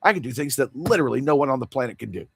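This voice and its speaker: A man hosting a livestream drifts from topic to topic in an earnest, confessional way. His pitch swings up and down a lot as he talks, and the recording is close and dry with no room sound. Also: lively intonation, rapid-fire, vocal fry, a bit bright, breathy edge, dry recording. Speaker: livestream host. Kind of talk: casual livestream chat.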